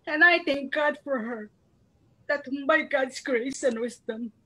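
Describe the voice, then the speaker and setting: High-voiced earnest woman from the Philippines. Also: slow pace, bright, forceful tone, poor audio. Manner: earnest, tearful, fighting back tears. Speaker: marketing director giving a recognition speech. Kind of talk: emotional testimonial speech.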